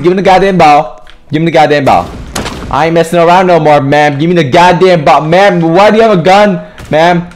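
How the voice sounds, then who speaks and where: A young man giving profane, joking commentary over his gameplay, trash-talking other players and often breaking into yells. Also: fairly high pitch, fairly quick, a little hiss or hum. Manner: bursts into yelling. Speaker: gaming video creator.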